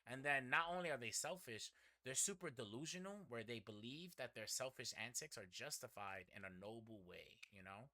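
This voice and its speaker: A young man from the Bronx talks loosely on a podcast, slipping into other people's voices as he tells stories. His tone is bright and forward. The close mic sounds dry and tight. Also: medium pitch, expressive, moderate pace, dry recording. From the Bronx, New York. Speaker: podcast host. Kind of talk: casual podcast chat.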